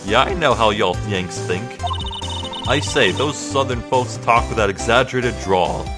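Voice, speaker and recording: A man's voice: mid-range voice, unhurried, natural voice. A man reading the lines of a brash, scolding country woman photographer from a game, without any put-on accent. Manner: pushy, scolding. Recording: game music behind.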